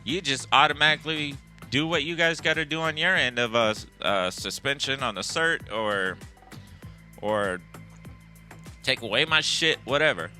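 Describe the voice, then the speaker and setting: A man's voice: mid-range voice, normal speed, pushed and bright, faint music behind. A man, an EMS worker and instructor, telling a story on a podcast in a blunt, profane, street-smart way.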